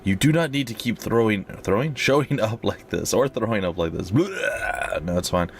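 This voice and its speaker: A man's voice: lowish voice, lively intonation, normal speed, gravelly. Igor, a man doing a nervous henchman.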